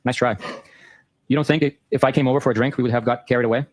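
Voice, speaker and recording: A man hosting a show, reading a long exchange of text messages aloud in a brisk, matter-of-fact way. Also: medium pitch, steady tone, no echo. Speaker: host.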